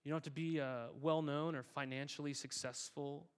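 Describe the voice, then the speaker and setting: A man's voice: on the high side, fairly even intonation, normal speed, smooth. A male pastor giving a sermon in a conversational, emphatic way, often repeating words.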